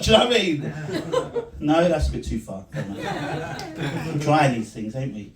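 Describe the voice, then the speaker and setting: A man's voice: fairly high pitch, wildly swooping pitch, moderate pace, long pauses, crowd noise. A man doing a loose, self-mocking stand-up set in a small room, his voice swinging widely up and down. The sound is roomy and a little distant, picked up from across the space. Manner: rambling, self-mocking, frequent laughing asides. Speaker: stand-up comedian. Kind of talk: stand-up set and vlog commentary. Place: small pub comedy room. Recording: echoey room recorded from a distance.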